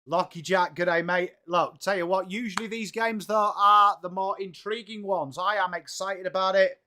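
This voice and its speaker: A man's voice: high voice, fairly even intonation, normal speed, bright, forceful tone. An English man hosting a live football watchalong stream, chatting casually and greeting viewers by name in an upbeat way. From England. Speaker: livestream host of a football watchalong.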